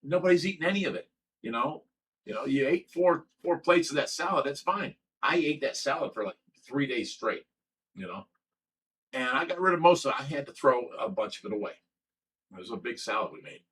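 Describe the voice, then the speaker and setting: A man's voice: mid-range voice, animated, a little fast, a bit bright. A man hosting a casual livestream, blunt and rambling, reading chat comments aloud and talking at length. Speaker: livestream host. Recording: from a distance with faint background noise.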